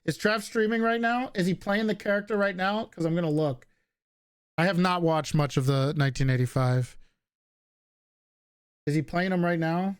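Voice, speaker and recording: A man's voice: sits high, moderate pace, long pauses, clear, resonant tone, no echo. Streamer, male, slight Northeastern US accent, loose chat with viewers, casual cursing, dry close sound. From Northeastern United States. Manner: reads viewer questions aloud and answers offhandedly, swears casually.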